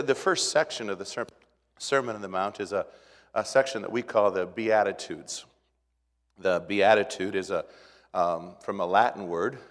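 A middle-aged man delivers a sermon in a homey, conversational manner. He stumbles through restarts, then climbs in pitch and volume to stress his points. His voice carries a long hall reverb from the sanctuary, in a middling register. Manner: folksy, conversational preaching with restarts and rising emphasis. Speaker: pastor.

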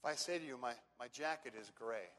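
A man preaching an expository sermon, emphatic, repeating words and slowing down to stress key phrases. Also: mid-range voice, a bit bright, big-room sound. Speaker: pastor.

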